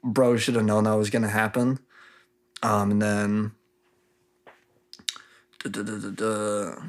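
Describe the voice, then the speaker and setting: A man's voice: fairly low pitch, monotone, slow. A man hosting a podcast, casually recapping chapters of a novel in a loose, slangy, chatty way. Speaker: podcast host. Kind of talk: casual book-club recap.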